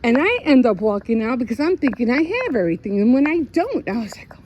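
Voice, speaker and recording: A woman's voice: fairly high pitch, quick pace. An older woman vlogging in a casual, rambling way, telling stories and often laughing. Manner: chatty storyteller who laughs often. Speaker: craft vlogger. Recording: dull lo-fi sound with steady noise.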